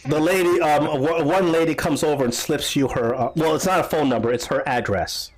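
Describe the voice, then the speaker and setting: A man narrating as game master of a tabletop game, often pausing and restarting. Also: fairly high pitch, crowd noise, rough recording. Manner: halting, many fillers and restarts.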